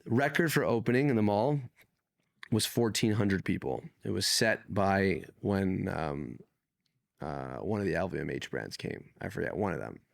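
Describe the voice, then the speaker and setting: A man from Canada, a guest on an interview podcast, telling stories in a casual, animated way. He swears freely and acts out the people in his stories. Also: low-pitched, moderate pace, creaky, no echo, clean studio sound. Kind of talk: casual conversational storytelling.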